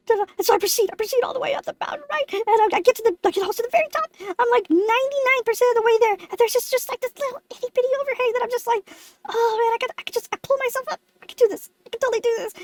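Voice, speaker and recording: A squeaky, foul-mouthed lemon puppet. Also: female voice. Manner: brash, profane, boastful. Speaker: storytime host. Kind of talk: comic storytime monologue.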